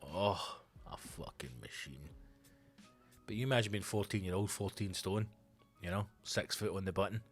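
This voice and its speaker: A Scottish man in his thirties, a comedian hosting his own show, telling stories in a loose, swearing, animated way. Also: fairly low pitch, fairly quick, soft background music. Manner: swearing, animated storytelling with voiced asides. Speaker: comedian podcast host. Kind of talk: casual comic monologue.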